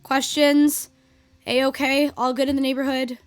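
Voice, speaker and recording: High-voiced woman streamer, chatty and cussing. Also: little pitch movement, a little slow. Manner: chatty, swears at the game, talks to viewers. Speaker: streamer teaching game photo mode. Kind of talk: casual live-stream chat. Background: faint guitar music.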